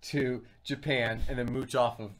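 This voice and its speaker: A man's voice: medium pitch, steady tone, moderate pace, slight background noise. A man hosting a food review channel, chatting casually on a livestream and putting on silly voices when he quotes people.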